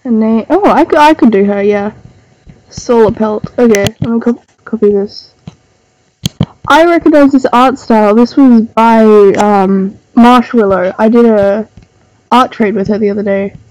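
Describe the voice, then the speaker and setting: This young woman from Australia is drawing and chatting casually on her livestream, her voice nasal and congested because she's sick with a cold. Her fairly high voice is a little mellow and measured in pace, and the desk microphone audio is poor.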